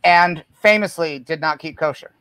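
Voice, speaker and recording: A man co-hosting a comedy talk show, adding halting deadpan remarks over a video call. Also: fairly high pitch, no room sound.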